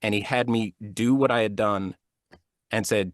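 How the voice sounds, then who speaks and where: Recorded in a home studio with clean sound and no echo, this thirties-aged actor and audiobook narrator has a lowish voice and talks at normal speed. As a guest in a relaxed interview, he tells animated stories, laughs a lot and frequently starts sentences over.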